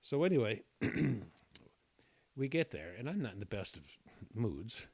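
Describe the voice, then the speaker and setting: A man spins a rambling personal anecdote with self-deprecating humor, stopping now and then to clear his throat. His voice sits at an ordinary middle pitch. The recording is close and dry, with no room sound. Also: very animated, slow, darkish tone, dry recording. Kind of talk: casual chat.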